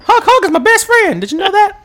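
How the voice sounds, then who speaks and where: A man doing a loud, excitable impression of a male wrestling manager, with a brash, shouting delivery. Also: a little fast, exaggerated voice. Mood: hyping. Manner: shouting, high-pitched, brash hype.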